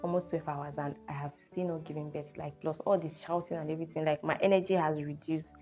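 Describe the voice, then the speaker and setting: Young nigerian woman, storytime vlogger, lowish voice, animated telling, faint guitar music behind. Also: quick pace. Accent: Nigerian English. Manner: animated storyteller, exclamations like oh and hey. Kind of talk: storytime vlog.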